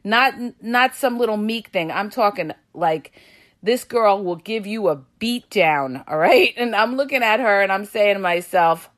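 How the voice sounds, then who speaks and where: A woman podcast host telling a dramatic personal story to her listeners, often checking in with them as she talks. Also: measured pace. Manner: animated, addresses listeners with "you guys" and "all right?"; dramatic retelling, gets loud and high at tense moments.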